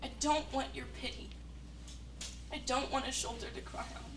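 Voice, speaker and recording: Woman acting a hurt young woman, defensive, high voice, clear background noise, distant mic. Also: steady tone, moderate pace, roomy sound. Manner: defensive, heartbroken. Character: hurt young woman denying her tears. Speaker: acting student. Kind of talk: stage monologue. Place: acting studio room.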